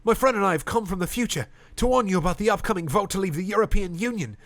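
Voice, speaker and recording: A man's voice: high-pitched, animated, quick pace, creaky, dry recording, voice pushed up. A man doing an urgent Irish young man. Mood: pleading. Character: earnest male time traveller pleading with a crowd.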